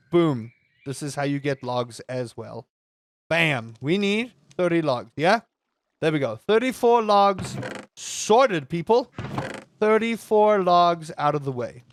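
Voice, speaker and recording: A man's voice: fairly high pitch, dry recording. A man giving playful, chatty let's-play commentary with jokey wordplay. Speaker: gaming host.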